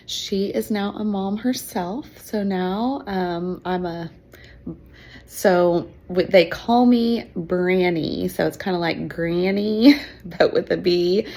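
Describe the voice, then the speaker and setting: A woman's voice: on the low side, a little mellow. A woman in her fifties, a teacher, telling her own adoption story in an emotional, chatty way with fillers and laughs. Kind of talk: personal storytelling.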